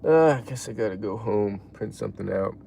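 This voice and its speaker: Gravelly laid-back male streamer. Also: fairly low pitch, brisk, slight background noise. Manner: laid-back, trails off, reacts loudly to donations. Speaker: live streamer reading chat. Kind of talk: casual live-stream chat.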